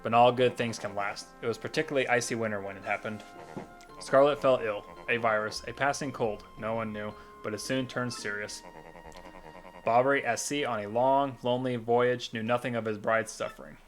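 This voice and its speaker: A man's voice: medium pitch, fairly even intonation, brisk. Man reading game dialogue aloud, faint music. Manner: reads dialogue with light dramatic lilt, stumbles and corrects words. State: coughing at times.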